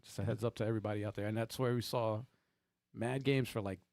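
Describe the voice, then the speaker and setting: A man co-hosting a gaming podcast, chatting in a relaxed way that often trails off. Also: fairly low pitch, quick pace, gravelly, no room sound. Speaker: podcast co-host. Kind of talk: casual podcast chat.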